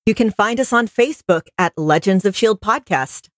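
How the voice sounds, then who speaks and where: A woman's voice: mid-range voice, lively intonation, normal speed, dry recording, clean studio sound. A woman co-hosting a podcast, frank and enthusiastic in casual chat. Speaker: podcast co-host.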